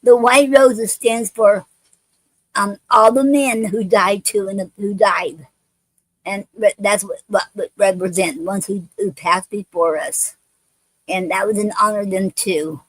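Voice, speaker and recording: Woman host of an online poetry show, unhurried and halting, reads gently, dry untreated sound. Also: medium pitch, steady tone, no room sound, low-quality recording. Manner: halting, many fillers and restarts. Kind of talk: reading poems aloud and chatting.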